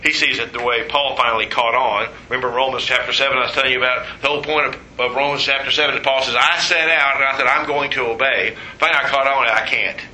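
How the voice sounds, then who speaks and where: A man preaching a sermon, telling stories with humor and quoting voices in an animated way. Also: medium pitch, quick pace, hardly any pauses, roomy sound, slight background noise, rough recording.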